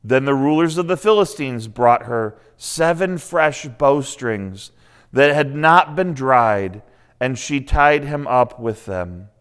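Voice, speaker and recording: A man's voice: medium pitch, animated, slow, smooth. A man giving a sermon, retelling a scripture story in a conversational way with asides to the listeners. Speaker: preacher.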